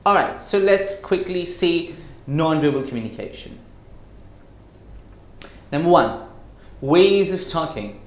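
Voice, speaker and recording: A man with a fairly high voice teaches communication skills like a classroom lecture. He leans on key words and poses questions straight to the listener. The sound is roomy and echoey. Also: lively intonation. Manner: emphatic, slows to stress words, asks rhetorical questions. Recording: echoey room.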